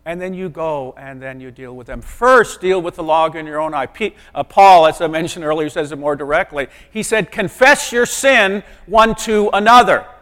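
High-voiced pastor in a reverberant hall. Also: male voice, normal speed, hardly any pauses. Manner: conversational, earnest, dropping to soft asides. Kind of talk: sermon. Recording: long reverb of a large hall.

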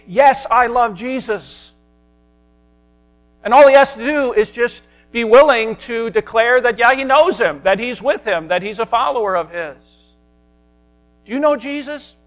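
A man preaching a sermon as a pastor, earnest, sometimes dropping to a soft hush. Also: very high-pitched.

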